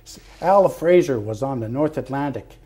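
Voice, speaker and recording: Older man, retired fire captain, interview guest, mellow voice, lively storytelling with loud bursts. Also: medium pitch, normal speed, breathy edge. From Canada. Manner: animated storyteller, acts out dialogue, rising to loud bursts. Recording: television studio interview.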